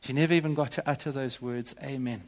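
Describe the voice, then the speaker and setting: A man's voice: medium pitch, steady tone, fast talker, big-room sound. A male pastor delivering a sermon in a church, in an earnest, emphatic way.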